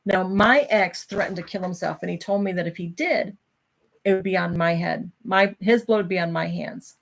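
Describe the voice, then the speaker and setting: A woman's voice: on the low side, normal speed, creaky. A middle-aged woman hosting a casual talk, reading from a self-help book and chatting candidly with her viewers.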